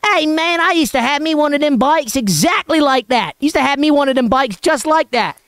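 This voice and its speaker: A man's voice: extremely high pitch, lively intonation, brisk, fairly bright tone, no room sound, studio quality, voice pushed up, heavily acted. A man voicing a big, friendly country man. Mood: eager.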